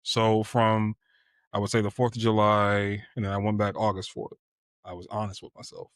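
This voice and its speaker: A man in his twenties tells a personal story candidly on a podcast, reflective and full of "you know" fillers. His voice is lowish and monotone at a moderate pace. The studio-quality recording has no echo.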